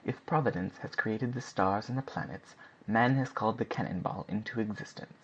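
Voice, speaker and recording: A fervent, grandiloquent gun-club secretary, read by a man who makes lofty, impassioned speeches. His voice is husky and fairly low. The recording is dull and lo-fi. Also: brisk.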